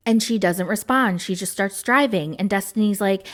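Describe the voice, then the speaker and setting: A young woman hosting a casual reality-show recap, animated and sarcastic, cussing and laughing a lot. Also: mid-range voice, moderate pace, few pauses. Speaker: host.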